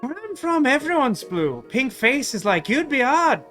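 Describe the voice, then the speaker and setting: A man's voice: very high voice, sing-song, normal speed, sharp tone, faint music behind, pitched above the performer's own voice, full character voice. A man voicing a touchy, vain male genie with a put-on Irish accent. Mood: preening. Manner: theatrical, preening.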